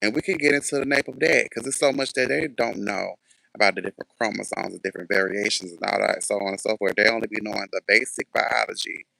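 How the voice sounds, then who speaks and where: A man's voice: fairly low pitch, quick pace, vocal fry, sharp tone, dry recording. A man ranting casually to camera in a sassy, sarcastic way, swearing freely. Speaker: vlogger.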